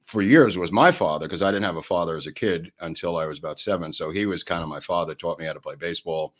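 Older NY guy, very low voice, chatty podcast co-host who acts out every quote. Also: quick pace. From New York. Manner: rambling anecdotes, laughing often, pitch jumping up when acting out quotes. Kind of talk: storytelling in casual chat.

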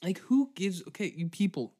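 A man hosting a comedy podcast, delivering a profane, mocking, angry rant that swings between shouting and muttering. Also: sits high, animated, normal speed, no echo, clean studio sound.

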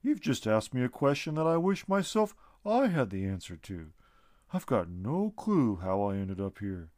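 A man voicing a calm, wise male tree spirit in a storybook reading, speaking slowly and softly. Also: mid-range voice, no room sound, studio quality, close to an everyday voice. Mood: wistful. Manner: slow, soft, patient.

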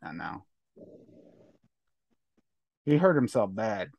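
A man's voice: fairly low pitch, sing-song, takes it slowly, vocal fry, darkish tone, no echo, highs cut off. A man in casual podcast banter, loose and joking as he trash-talks a fighter.

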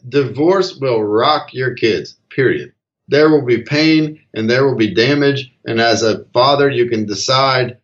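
A middle-aged man talking casually, earnest and emphatic, telling a personal story. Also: mid-range voice. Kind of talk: casual conversation. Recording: slightly dull lo-fi audio.

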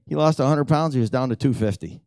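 A middle-aged man telling prayer stories in a lively, animated way, acting out the dialogue. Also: fast talker, dry recording, studio quality. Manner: animated storyteller who acts out dialogue with big pitch jumps. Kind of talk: storytelling testimony talk.

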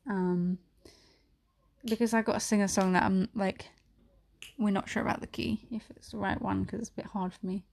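A young woman talks through her own solo podcast in a loose, rambling way. Her voice sits at an everyday middle pitch, packed with fillers and casual swearing. At times it gets emotional and close to tears. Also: fairly even intonation, moderate pace, creaky, a little mellow. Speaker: podcast host. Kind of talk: candid solo podcast monologue.

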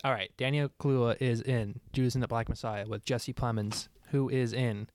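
A young man hosting a casual podcast game night, chatty and relaxed, in a loose conversational way. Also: mid-range voice, moderate pace. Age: young adult. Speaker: podcast host running a movie game. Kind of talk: casual chat.

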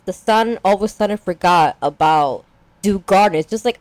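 A woman's voice: medium pitch, fairly quick, a little mellow, no room sound. A young woman casually recapping a story as a podcast co-host, rambling with lots of "like" and acting out characters.

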